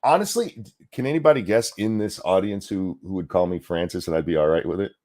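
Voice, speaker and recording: Brief: middle-aged male co-host, low voice, very animated delivery, profane jokey live-stream banter. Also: quick pace. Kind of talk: casual live stream chat reading donations.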